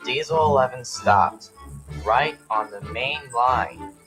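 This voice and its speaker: A man narrating a storybook tale in a lively, dramatic manner. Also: medium pitch, takes it slowly, music in the background, poor audio. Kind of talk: storybook reading.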